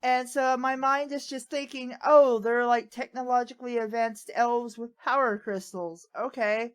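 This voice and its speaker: A woman's voice: a little high, fairly even intonation, normal speed. A woman chatting and rambling through comic asides while she and others read a fanfiction aloud. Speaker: fanfiction reader. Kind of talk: casual comedic commentary.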